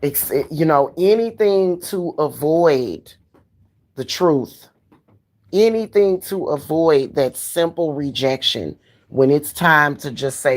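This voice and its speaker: A woman's voice: low voice, slow pace, dry recording. A woman vlogger ranting casually at home, blunt and profane, repeating phrases for emphasis. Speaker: spiritual reader and vlogger.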